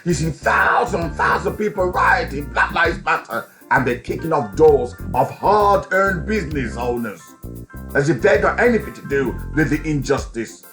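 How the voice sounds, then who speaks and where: A man delivering an impassioned, preachy monologue as an online commentator, asking rhetorical questions and swinging from a raised voice to a hush. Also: a little high, animated, normal speed, soft background music.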